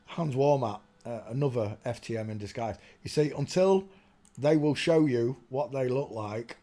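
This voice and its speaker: A man speaks at a medium pitch as he hosts a livestream. He rants to his chat in a loose, rambling monologue. Now and then he drops into low, muttered asides to himself while he searches on screen. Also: moderate pace, warm tone. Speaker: livestream host.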